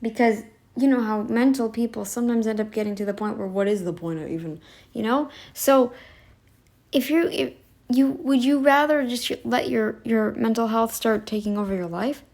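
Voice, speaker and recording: A woman's voice: on the high side, normal speed, a little mellow. Emphatic woman ranting in commentary. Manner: emphatic, ranting with rhetorical questions; sarcastic, addresses listeners directly. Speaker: reaction channel host. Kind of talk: casual commentary.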